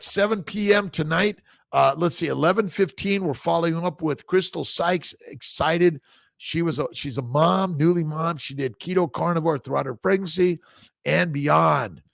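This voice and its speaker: Middle-aged male doctor, gravelly, dry close sound; excitable, repetitive live-stream host. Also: a little high, no room sound. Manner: excitable, repetitive, salty language, frequent "right?". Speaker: fertility doctor hosting a live chat. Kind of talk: casual live-stream chat answering viewer questions.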